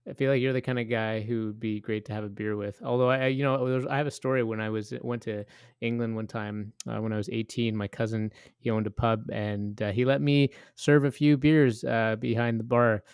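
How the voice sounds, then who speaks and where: A male podcast host with a mid-range voice chats casually with his guest. He keeps affirming with quick yeahs and fillers, and the recording is dry and close. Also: medium pitch, flat delivery, darkish tone, smooth, dry recording. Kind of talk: casual interview chat.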